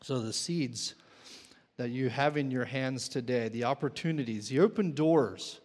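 Male pastor, earnest sermon delivery with restarts, medium pitch, recorded with long hall reverb. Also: unhurried, a little mellow. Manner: earnest, repeats words and restarts, clears throat.

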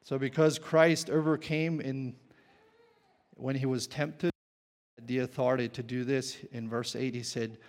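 A man's voice: medium pitch, flat delivery, unhurried. A man preaching a sermon, often asking the congregation questions. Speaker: pastor. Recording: long hall reverb.

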